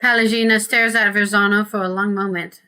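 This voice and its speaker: Bright-voiced woman streaming a game. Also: mid-range voice, fairly even intonation, a little fast, clear, resonant tone. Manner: chatty, reads game text aloud. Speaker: gaming streamer. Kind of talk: casual game playthrough, reading aloud.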